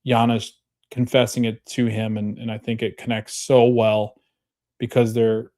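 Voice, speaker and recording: A man's voice: medium pitch, little pitch movement, unhurried, warm tone. Rambling man recapping a TV episode. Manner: rambling, many fillers and self-corrections. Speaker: podcast host.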